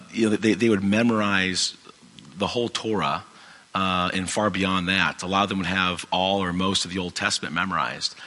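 Speaking in a large hall, this pastor has a low voice that sounds pushed and bright. His Bible teaching is casual and chatty, though his voice is strained and fading, and he keeps restarting and using fillers.

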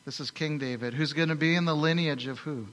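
A pastor preaches, a man telling a story with animation and rhetorical questions. His voice is bright and a little high. A long reverb fills the large church hall around him. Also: brisk. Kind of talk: sermon.

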